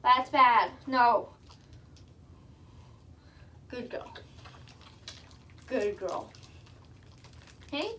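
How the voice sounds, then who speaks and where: A woman's voice: fairly high pitch, very slow, long pauses, pushed and bright, slight background noise. A young woman vlogging at home, repeating commands to her dog and gushing with praise, a little out of breath. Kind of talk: casual home vlog.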